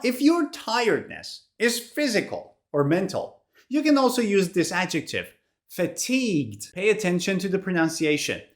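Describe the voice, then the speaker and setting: A woman teaches English vocabulary in an animated voice that rises and falls widely. She speaks clearly and deliberately and repeats each new word so learners can copy it. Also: on the low side. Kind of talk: vocabulary lesson.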